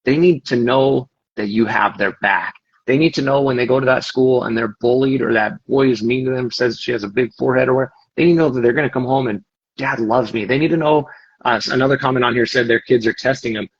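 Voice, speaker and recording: Firefighter dad, guest; husky, heartfelt, halting delivery; dull low-fi sound. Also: male voice. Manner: earnest, emotional, talks in restarts. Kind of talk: casual conversation. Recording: muffled lo-fi audio.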